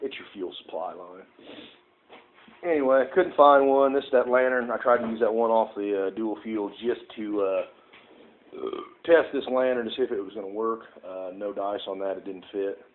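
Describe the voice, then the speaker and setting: A man's voice: on the low side, moderate pace. Folksy man on a phone. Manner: folksy, rambling, lots of "uh" and "folks". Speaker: home repair vlogger. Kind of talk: casual talk while restoring a lantern. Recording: tinny phone recording with faint noise.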